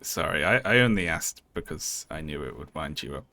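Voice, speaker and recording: A man's voice: extremely low pitch, animated, brisk, sharp tone. A man streaming a video game, giving casual commentary in a joking, sarcastic way and laughing often.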